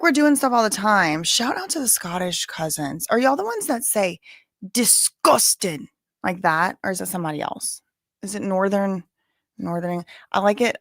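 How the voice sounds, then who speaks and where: A woman's voice: medium pitch, creaky, no room sound. Woman livestream host, Cajun accent, rambling casual chat, close dry mic. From Louisiana. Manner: chatty, rambling, with filler words and asides.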